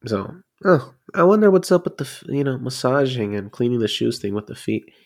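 A man's voice: mid-range voice, sing-song, brisk, creaky. A man casually recapping a film plot, rambling and swearing freely as he goes.

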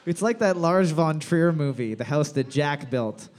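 A man's voice: on the high side, expressive, a little slow. A man hosting a casual trivia game, reading questions and cracking crude jokes. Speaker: trivia host.

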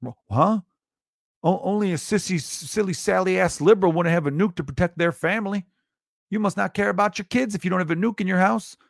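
A man doing a loud, boastful Southern gun-rights guy with a drawl, pitched up high and pushing hard. The voice is a mocking caricature, indignant and full of bluster. It is recorded dry and close. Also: brisk, gravelly, no echo. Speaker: comedian.

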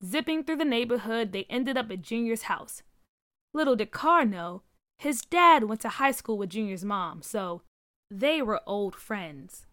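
A woman narrating a story aloud in an expressive way, giving each character a voice. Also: a little high, measured pace, a little hiss or hum.

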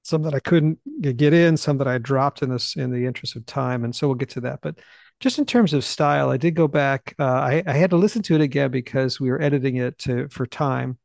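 A man with a gravelly edge to his voice talks fast and eagerly in a relaxed podcast conversation. He cuts off his own sentences in his hurry to reach the next thought. The sound is close and dry, with no room around it. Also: medium pitch, dry recording. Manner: fast, eager talker who clips his sentences and restarts. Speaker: Bible study teacher.

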